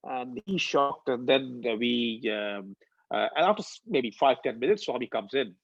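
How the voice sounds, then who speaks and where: At normal speed and medium pitch, an Indian man in his 40s animatedly retells a devotional story from his own life, peppering it with "uh" and "um." He's a devotional speaker, captured in a dull, dry lo-fi recording with no room sound.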